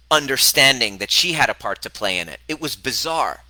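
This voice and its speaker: A man's voice: expressive, normal speed, few pauses, sharp tone, no room sound, poor audio. A man in his forties giving a motivational self-help talk as host and coach, speaking bluntly and swearing freely. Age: 40s. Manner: blunt and profane, with emphatic, swooping pitch.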